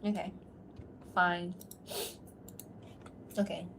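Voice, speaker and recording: A woman's voice: fairly low pitch, little pitch movement, very slow, vocal fry, noisy background. A woman voice actor chatting casually on a livestream between takes; she laughs often and is self-deprecating. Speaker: streamer and voice actor.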